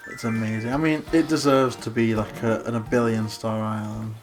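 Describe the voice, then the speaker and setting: A man co-hosting a video, giving excited game commentary with gushing exclamations and gasps. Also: lowish voice, normal speed, faint music behind. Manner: gushing, gasping, breathless exclamations. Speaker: co-host touring a game island.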